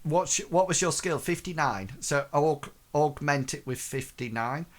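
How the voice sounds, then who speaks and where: Slow, rambling man as game master. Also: on the high side. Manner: rambling, with many fillers. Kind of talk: narrating a tabletop game.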